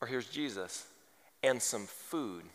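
Animated preacher in a reverberant hall. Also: male voice, mid-range voice, takes it slowly. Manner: animated, humorous, rising to loud emphasis. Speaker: pastor. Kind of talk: sermon with storytelling.

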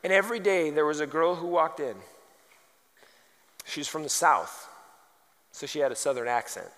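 High-voiced preacher in a reverberant hall. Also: male voice, moderate pace, fairly bright tone. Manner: storytelling with humor, rhetorical questions. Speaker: pastor. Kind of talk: sermon.

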